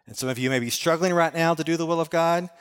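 A man's voice: fairly high pitch, fast, clean tone. A middle-aged man giving an earnest sermon as a pastor, telling stories and repeating phrases. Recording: long hall reverb.

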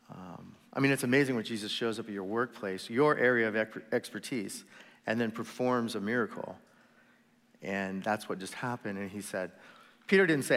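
A man gives a sermon as pastor, retelling the story in a loose, conversational way and tossing in quick voices along the way. His voice sits at an ordinary middle pitch. The sound carries a long reverb from a large hall. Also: fairly bright tone. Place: church sanctuary.

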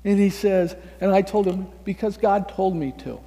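A man preaching a sermon, telling a story with lively acted-out dialogue and small chuckles. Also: high voice, normal speed, hardly any pauses, in a large hall.

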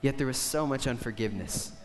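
A young man preaching a sermon, telling a story with passion and swinging from loud declarations to hushed moments. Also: medium pitch, fast, soft background music.

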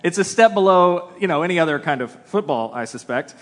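A man preaching a sermon in a relaxed, conversational way, with self-deprecating humor. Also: sits high, fairly quick. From United States. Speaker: pastor. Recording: long hall reverb.

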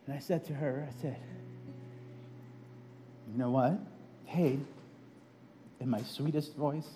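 A man's voice: mid-range voice, steady tone, slow, pauses often, music in the background. A man preaching a sermon, telling a personal story in a conversational way with frequent "right?" asides, then leading a prayer. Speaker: pastor.

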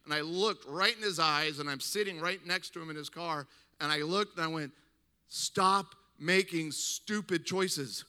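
A middle-aged man delivers a sermon with a strikingly bright, forceful tone and a slightly high-set voice. He moves between reading scripture aloud and talking to the congregation in emphatic, conversational asides. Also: brisk, clear, resonant tone. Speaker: pastor.

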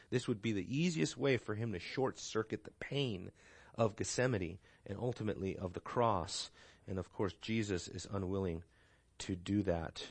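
A man's voice: on the low side, a little mellow, no room sound. A man teaching a casual Bible class, talking conversationally and checking in with "right?" as he goes. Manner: conversational, tags points with "right?".

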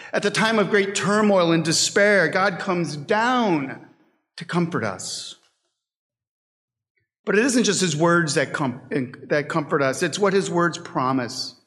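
Slow-preaching pastor in a reverberant hall. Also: male voice, on the high side, a bit bright. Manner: slow, deliberate preaching with dramatic readings. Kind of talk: sermon. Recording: long reverb of a church hall.

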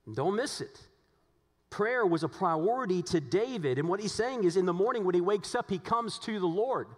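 A man delivers a Sunday sermon from the pulpit, voice sitting a little high for a man. He presses his points through repetition and rhetorical questions. The sound hangs in a long church reverb. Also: animated, normal speed. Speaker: pastor.

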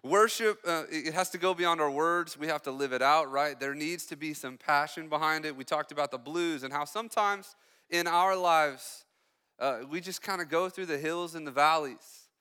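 A young man preaches as a student pastor in a church hall, his joking, chatty sermon full of quick asides to the room. His voice is a touch high, bright and crisp, carrying a long reverb from the hall.

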